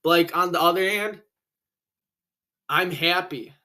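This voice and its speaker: A young man hosting a casual solo reaction to fight results, excitable and full of slang and swearing, a bit out of breath. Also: sits high, measured pace. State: breathing heavily. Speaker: MMA reaction host.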